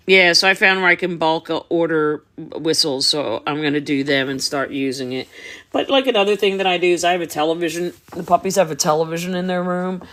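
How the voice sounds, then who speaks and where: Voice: mid-range voice, a bit bright. Chatty dog breeder on a live stream. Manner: chatty, explaining at length. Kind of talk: casual live-stream chat. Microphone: phone or device on a live stream.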